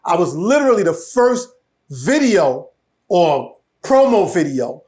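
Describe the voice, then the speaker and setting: A man, a guest telling a story in casual talk, animated and laughing, with many restarts. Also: high-pitched, a little slow.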